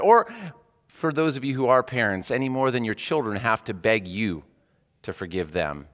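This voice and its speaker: A man in his thirties, a hospice chaplain, preaching a conversational sermon full of rhetorical questions, going soft and quiet for the prayers. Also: mid-range voice, lively intonation, normal speed. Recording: long reverb of a hall.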